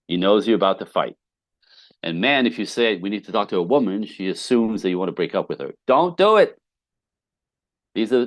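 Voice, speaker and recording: A man who is a relationship coach, telling client stories on a podcast with lively acted-out quotes and casual swearing. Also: on the low side, no echo. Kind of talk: podcast interview guest.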